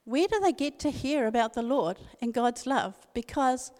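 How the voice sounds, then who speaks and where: A woman's voice: sits high, animated, normal speed, darkish tone. Earnest older New woman preaching. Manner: earnest, emphatic, repeats key phrases. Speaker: speaker at a women's church meeting. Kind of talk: devotional talk with personal story. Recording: long reverb of a hall.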